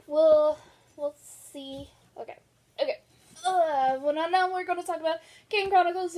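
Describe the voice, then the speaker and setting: A woman's voice: sits high, darkish tone. A young woman vlogging about books in casual chat, chatty and gushing, laughing often. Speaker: book vlogger.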